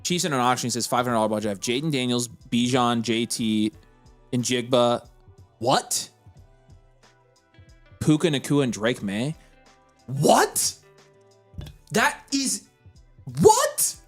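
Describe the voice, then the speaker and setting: A man co-hosting a live fantasy football Q&A, excitable and joking, often incredulous. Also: mid-range voice, a little fast, faint music behind. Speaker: podcast co-host.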